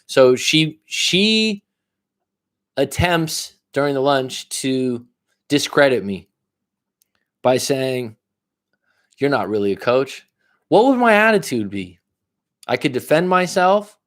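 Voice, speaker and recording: A man giving live coaching advice, blunt and full of profanity. He leans hard on key words, then drops into low asides. His voice sits at an everyday middle pitch. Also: takes it slowly, pauses often. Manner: blunt and profane, talking straight to a viewer; lively swings between loud emphasis and low asides. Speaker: life coach. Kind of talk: casual livestream coaching advice.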